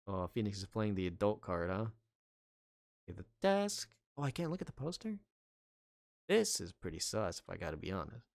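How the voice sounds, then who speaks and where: A man's voice: on the low side, wildly swooping pitch, moderate pace, long pauses, very noisy. Chatty man streaming a game. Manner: chatty, wry, talks to chat. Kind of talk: casual game commentary. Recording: loud game music behind.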